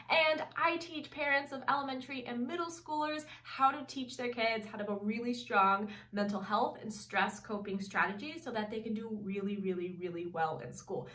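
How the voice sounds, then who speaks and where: A woman's voice: a little high, bright, forceful tone. Earnest woman in her thirties coaching parents, casual and emphatic, recorded a little off-mic in a live room. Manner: earnest, repeats "really" for emphasis. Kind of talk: casual advice talk to camera. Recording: roomy sound, mic at a distance.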